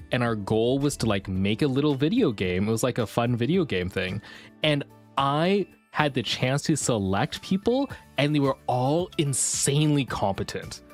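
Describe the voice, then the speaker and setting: This streamer vents through a casual chat stream, with a voice that swings up and down a lot and stays animated throughout. Faint music plays underneath the talk. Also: medium pitch. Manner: animated ranting storyteller.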